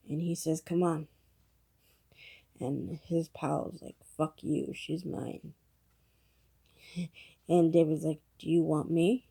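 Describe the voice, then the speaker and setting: Woman rambling thru a movie plot recap, gravelly low voice, lots of ums. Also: mellow. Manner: rambling plot retelling with many fillers. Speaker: movie reviewer. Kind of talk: casual spoken movie review.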